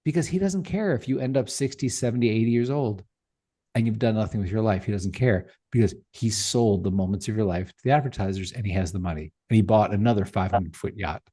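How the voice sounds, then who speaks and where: A man's voice: on the low side, fast talker, dark tone, breathy edge. A middle-aged man speaking as a podcast guest, talking passionately and emphatically with rhetorical questions. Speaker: podcast guest, tech founder. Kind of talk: animated interview talk.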